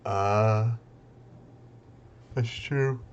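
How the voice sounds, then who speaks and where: A man's voice: fairly low pitch, drawn-out words, highs cut off, a little hiss or hum. Rambling young male game caster. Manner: rambling, excitable, laughs often. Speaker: tournament caster. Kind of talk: casual game commentary.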